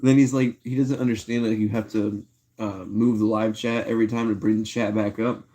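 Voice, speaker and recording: A man's voice: on the low side, little pitch movement, fairly quick, dark tone. A man chatting casually on a livestream, slangy and laid-back, talking to his chat. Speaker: live streamer.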